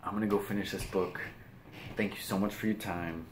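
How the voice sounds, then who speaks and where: A man's voice: deep voice, steady tone, a little fast, slight background noise. A man from the US Pacific Northwest rambling casually to camera as a vlogger, restarting phrases and poking fun at himself, with slightly mumbled words.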